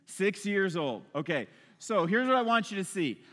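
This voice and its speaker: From a church stage, a male pastor gives an energetic, conversational sermon. His voice is high and bright, delivered at normal speed, and a long reverb trails after his words in the hall.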